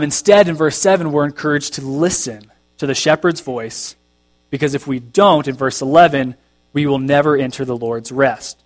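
A pastor preaching a conversational sermon, reading scripture aloud and making self-deprecating jokes. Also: male voice, a little high.

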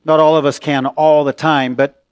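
A male pastor preaching a sermon, slow and deliberate, with pauses and rising emphasis. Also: a little high, level tone, smooth, no room sound.

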